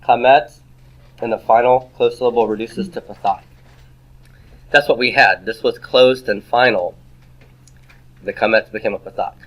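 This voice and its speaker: A medium-pitched man teaches a Hebrew grammar class, lecturing his students and firing quick rhetorical questions at them.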